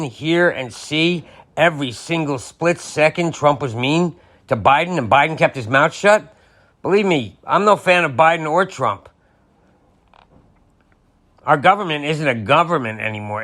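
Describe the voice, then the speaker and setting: A man's voice: fairly high pitch, animated, moderate pace, a bit bright. A man hosting a podcast, delivering an angry, sarcastic political rant with some profanity. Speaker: podcast host.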